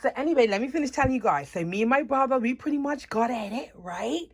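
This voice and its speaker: A doll hobby vlogger casually tells her life story to camera in a high-pitched, fast, husky voice. Her retelling is animated, with voices shifting up and down, and she chats with viewers and checks in with them often.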